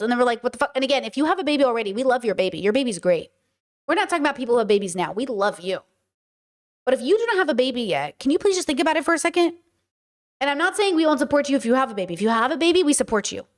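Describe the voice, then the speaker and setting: A woman hosting a casual livestream, talking to her chat in a blunt, animated way and swearing freely. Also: sits high, very fast. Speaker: streamer host.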